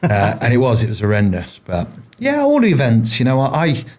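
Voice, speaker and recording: A man's voice: mid-range voice, huge pitch swings, fairly quick, darkish tone. A man, a former paratrooper, telling his stories in a casual interview, rambling with frequent restarts and fillers. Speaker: podcast guest, former paratrooper.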